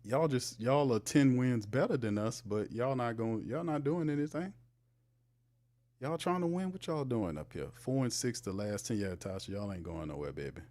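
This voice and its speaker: A man's voice: medium pitch, moderate pace, darkish tone. A man hosting a casual livestream sports show, talking loosely in slang and teasing viewers in the chat. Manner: loose slangy talk with frequent laughs.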